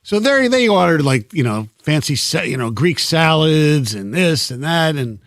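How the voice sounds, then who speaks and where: A man's voice: fairly high pitch, big pitch swings, unhurried, fairly bright tone, no echo, clean studio sound. A man hosting a sports radio talk show, telling a rambling, exasperated story with many restarts. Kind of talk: casual sports radio banter. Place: radio studio. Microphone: studio microphone.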